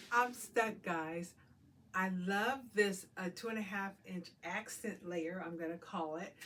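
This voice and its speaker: A woman's voice: mid-range voice, fairly bright tone, slight background noise. A middle-aged woman talking casually as she works on a quilt, thinking aloud and laughing often. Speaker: quilting vlogger. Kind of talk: casual talk while working.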